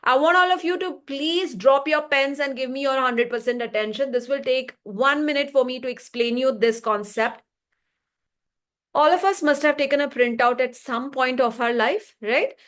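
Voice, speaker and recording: A woman teaching a live online class, reading chat replies and explaining with rhetorical questions and animated stories. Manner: animated storytelling, rising pitch for emphasis. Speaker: energy healing teacher.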